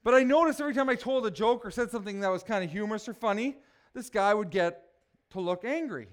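A man's voice: sits high, fast, clean tone. A man in his forties, a pastor preaching a sermon with humorous stories and joking asides to the congregation. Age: 40s. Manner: joking, self-mocking, animated asides to the congregation.

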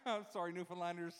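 High-voiced man preaching fervently in a hall. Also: fairly bright tone, smooth. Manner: fervent preaching with repeated rhetorical questions. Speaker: pastor. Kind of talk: sermon. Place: church room with live audience, also streamed.

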